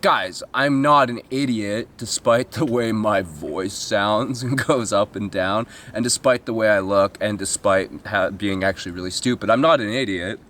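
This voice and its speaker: A man's voice: on the low side, normal speed, few pauses, a bit bright, a little hiss or hum. A man telling a comic travel story as a vlogger, rambling and swearing, with self-mocking asides and mimicked voices.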